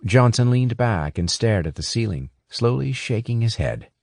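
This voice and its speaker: A man reading a thriller audiobook in a steady, even scripted narration. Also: medium pitch, normal speed, vocal fry, no room sound, studio quality.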